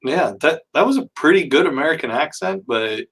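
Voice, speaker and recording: Bright-voiced man hosting, easy laugh. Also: on the high side, lively intonation, brisk, breathy edge. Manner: laughs easily, chatty. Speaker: interview host. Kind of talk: casual interview chat.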